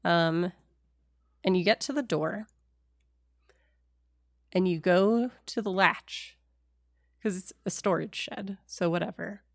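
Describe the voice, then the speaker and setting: A woman narrating as game master of a tabletop game, describing scenes in a relaxed way with many pauses and fillers. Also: lowish voice, gravelly, no echo, clean studio sound.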